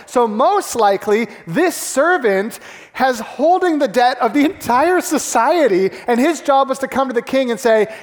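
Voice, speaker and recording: A male pastor preaching a sermon, animated, acting out the crowd's gasps and the characters' lines. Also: high voice. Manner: animated, acts out gasps and quotes. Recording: long hall reverb.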